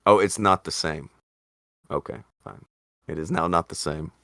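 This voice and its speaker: A man hosting a casual talk show, animated and swearing, his voice jumping up when he argues. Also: moderate pace, gravelly, no echo, studio quality. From Indiana. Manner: animated, swearing, jumps up in pitch when arguing. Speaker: podcast host. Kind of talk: casual chat.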